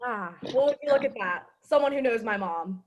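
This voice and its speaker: A young woman chatting casually on a video call, telling stories in an animated, excitable way. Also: a little high, a little fast, highs cut off. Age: young adult. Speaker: student club member.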